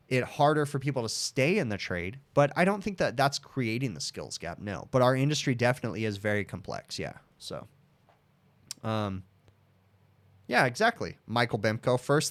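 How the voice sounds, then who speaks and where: A man in his thirties, an HVAC technician hosting a casual livestream Q and A, answering viewer questions in a frank, chatty way. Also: medium pitch. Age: 30s. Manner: frank, chatty, addresses viewers as dude and bud.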